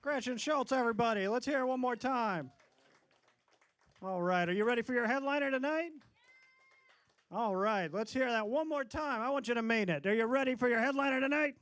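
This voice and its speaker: High-voiced man hyping the crowd. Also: a little fast, no echo. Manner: loud hype, rallying the crowd. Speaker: comedy show host. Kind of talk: emcee introduction. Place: small comedy club stage.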